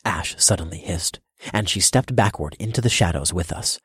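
A man giving measured first-person narration of a fantasy audiobook, turning commanding for his own character's lines. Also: low-pitched, fairly bright tone, breathy edge, dry recording, studio quality.

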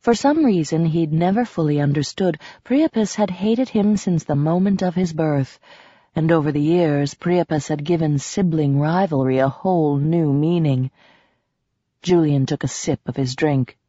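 A woman narrating an audiobook in a measured, even storytelling manner. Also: low-pitched, dry recording, highs cut off. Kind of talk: scripted narration.

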